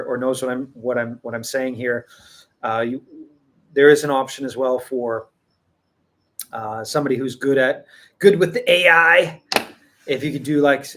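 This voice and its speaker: Hosting his own tea channel, a Western man talks loosely to camera, drifting through his thoughts. His pitch is an ordinary middle, and he often restarts sentences and chuckles now and then.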